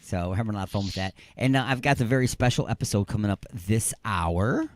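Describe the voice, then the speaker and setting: A middle-aged man hosting a call-in radio show from a studio, joking and rambling excitedly. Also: fairly low pitch, fast, no echo. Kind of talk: casual call-in radio chat.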